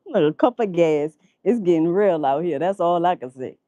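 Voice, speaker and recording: A woman vlogger, telling a story in profane, animated casual commentary and laughing often. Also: fairly low pitch, normal speed, no room sound, dull audio.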